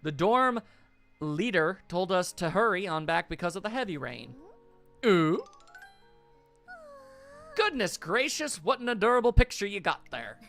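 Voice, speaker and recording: Streamer doing gushing southern girl, drawls a lot, bright tone. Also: mid-range voice, sing-song, measured pace, pauses often, faint music behind, pitched above the performer's own voice. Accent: US Southern, put on. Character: bubbly southern-accented young woman dorm student. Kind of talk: game dialogue read aloud.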